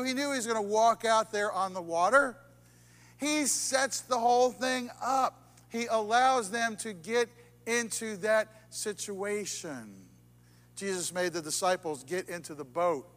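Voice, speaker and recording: A man preaching in a high register, swinging from ringing, emphatic lines down to hushed near-whispers. His voice carries a long reverberation off the walls of a large church hall. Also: unhurried. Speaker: pastor. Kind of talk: sermon. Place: church sanctuary.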